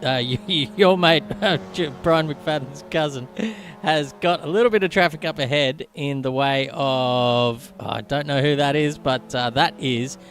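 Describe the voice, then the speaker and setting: A man's voice: a little high, fairly bright tone, slight background noise. Chatty race commentator man. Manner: chatty, quick, laughs along. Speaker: sim racing commentator.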